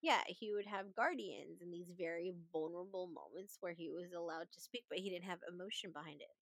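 A woman's voice: fairly low pitch, fairly quick, vocal fry, no echo. A woman co-hosting a casual podcast, chatty and swearing, quoting people as she talks. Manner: chatty, swears freely, quotes people in lively voices. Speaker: podcast co-host. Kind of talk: casual movie discussion.

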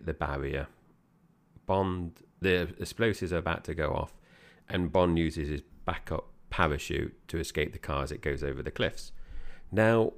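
A man's voice: sits low, creaky. A man co-hosting a casual film review podcast, talking in a chatty, friendly way. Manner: chatty, friendly, calls partner mate.

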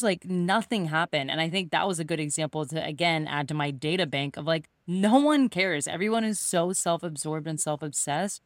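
Speaking fairly quickly with hardly any pauses, a young woman with a low-sitting voice chats on her podcast, where she is host and coach. She tells stories animatedly and performs the voices of others as she goes, in a dry, clean studio recording.

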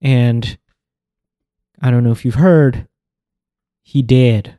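A man co-hosting a casual podcast, asking teasing, deadpan questions while recapping a show. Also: medium pitch, takes it slowly, clean tone, no room sound, studio quality. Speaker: podcast co-host.

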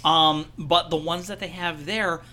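A man on a casual podcast, talking with lively enthusiasm and breaking into laughs as he goes. His voice sits a little high for a man and has a very bright, forward tone. He rambles through stories with plenty of fillers along the way. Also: measured pace, slight background noise. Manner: animated and enthusiastic, laughing often. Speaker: returning podcast co-host.

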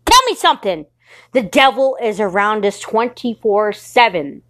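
A woman's voice: mid-range voice, animated, normal speed, fairly bright tone. A young adult woman ranting in an angry, defiant monologue, swearing constantly and sounding short on sleep. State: sleep-deprived. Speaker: podcaster.

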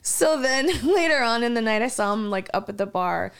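A woman in casual chat, telling stories in an animated way and swearing often. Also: fairly high pitch, moderate pace, slight background noise.

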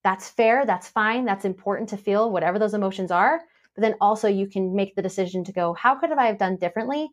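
A woman guest on a podcast, explaining her method in a relaxed, chatty way and acting out the lines she said in past moments. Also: mid-range voice, quick pace. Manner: animated storytelling, acts out her own past lines. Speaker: podcast guest, happiness mentor. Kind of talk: casual podcast interview.

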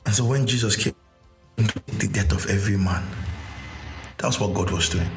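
A man's voice: fairly low pitch, normal speed, creaky, faint music behind. Man preaching with homely illustrations. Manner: illustrates with stories, repeats key phrases. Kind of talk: sermon teaching.

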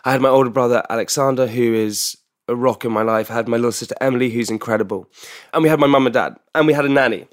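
A young man from England, a podcast guest telling a candid personal story in an energetic way, with many restarts and repetitions. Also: mid-range voice, fast.

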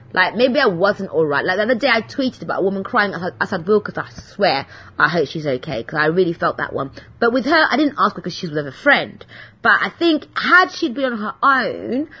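Chatty woman with a husky voice. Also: mid-range voice, a bit bright, highs cut off. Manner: chatty storyteller, acts out voices in dialogue. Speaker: podcast host. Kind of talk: casual solo podcast monologue.

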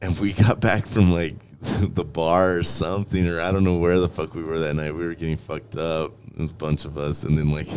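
A man's voice: deep voice, moderate pace, few pauses, a little hiss or hum. A man hosting a podcast, telling profane, laughing stories in casual chat. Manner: laughing, profane, animated storytelling. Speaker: podcast host.

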